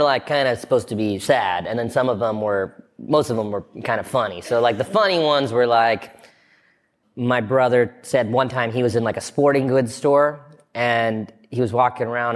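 Man, thirties, comedian, casual interview chat, animated storyteller, laughs a lot. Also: mid-range voice. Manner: animated storyteller, acts out quoted lines, laughs often. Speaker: guest, comedian and show creator.

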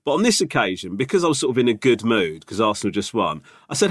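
A man's voice: mid-range voice, wildly swooping pitch, a little fast, fairly bright tone. A man co-hosting a podcast, telling anecdotes casually and often asking "do you know what I mean". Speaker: podcast co-host. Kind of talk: casual chat.

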